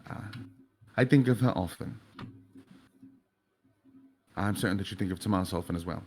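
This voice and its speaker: A man voicing a calm, gentle young man who speaks softly and consolingly. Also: low voice, slight background noise. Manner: soft, slow and consoling.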